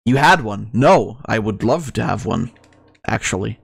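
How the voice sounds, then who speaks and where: A man's voice: lowish voice, animated, unhurried, vocal fry, husky, no room sound. A male streamer reacting to a video, ranting profanely and laughing often.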